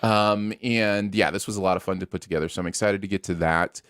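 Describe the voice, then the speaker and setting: A man's voice: low-pitched, fairly even intonation, quick pace, a bit bright, clear, resonant tone, dry recording, clean studio sound. A man hosting a casual podcast, joking and laughing often, with lots of "uh" fillers. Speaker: podcast host.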